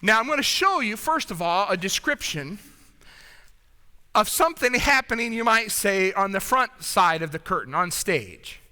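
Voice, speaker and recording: A man preaching with a very high, very bright voice that is smooth and clear. He talks conversationally and keeps checking in with his congregation. A long reverb trails behind him in a church hall. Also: big pitch swings, normal speed. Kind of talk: sermon. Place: church sanctuary.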